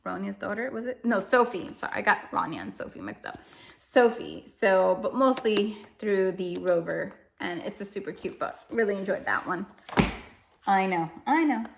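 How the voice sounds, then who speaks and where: A woman's voice: mid-range voice, animated, moderate pace, gravelly, slight background noise. A woman chatting casually about her family's reading, rambling a little and correcting herself as she goes. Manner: emotional, self-deprecating. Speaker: homeschooling parent reviewing books. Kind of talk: casual chat.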